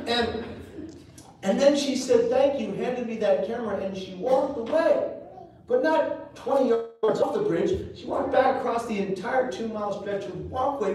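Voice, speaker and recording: A man delivers a heartfelt live speech in a room with a strong echo, picked up from a distance. His voice sits somewhat high, and he moves from hushed, slow lines to bursts of loud, fast joking. Faint room ambience lingers behind him. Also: slight background noise. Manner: earnest storytelling with jokes, swings from quiet to loud. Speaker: public speaker. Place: large event room. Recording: echoey live room recorded from far off.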